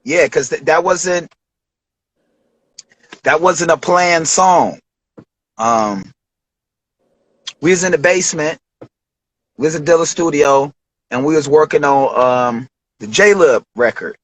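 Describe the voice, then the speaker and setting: A man telling a studio story as an interview guest, animated, acting out quotes with big jumps in pitch. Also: slow pace, long pauses. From Detroit.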